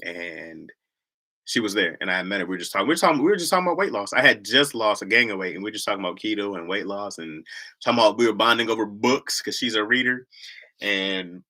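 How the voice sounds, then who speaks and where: Animated man with a bright voice. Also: fairly low pitch, fast. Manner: animated, loud mocking voices with lots of laughter. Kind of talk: casual comedic storytelling.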